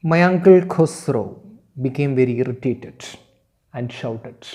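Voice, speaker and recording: A male teacher giving an online class, explaining a story slowly with hesitant fillers. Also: medium pitch, darkish tone.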